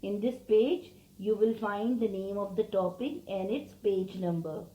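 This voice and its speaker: A woman teacher giving a revision lesson to young pupils, slowly and patiently repeating each word. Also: medium pitch, warm tone, reverberant, rough recording. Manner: slow, patient, repeats words for children.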